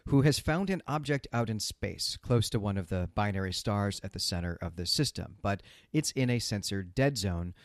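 A man co-hosting a podcast, recapping in a measured way with frequent fillers and repeated words. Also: lowish voice, lively intonation, dry recording. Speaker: podcast co-host. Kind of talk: casual recap chat.

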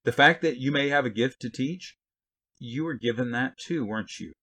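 A man's voice: mid-range voice, moderate pace, bright, forceful tone. Blunt, folksy man teaching the Bible. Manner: blunt, folksy, rhetorical questions.

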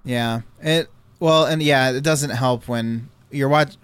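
A man's voice: medium pitch, slow, a bit bright, clear, resonant tone, no room sound. A man telling a long story in casual chat, rambling with fillers and restarts.

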